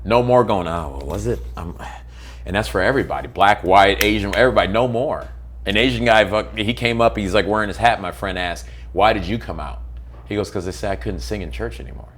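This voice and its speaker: A man being interviewed, telling stories in a blunt, animated way and acting out what people said with sudden jumps in pitch and loudness. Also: a little fast, a little hiss or hum. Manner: acts out quotes with big swings in pitch and loudness; blunt, swears freely. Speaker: interview guest. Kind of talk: animated storytelling in conversation.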